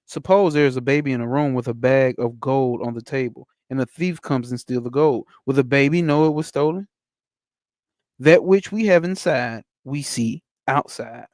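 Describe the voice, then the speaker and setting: A man teaching spirituality. He reads a text aloud slowly and breaks off into blunt, slangy asides with profanity for a live chat. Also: mid-range voice, a little mellow, no room sound, studio quality. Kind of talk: reading a text aloud and commenting on it.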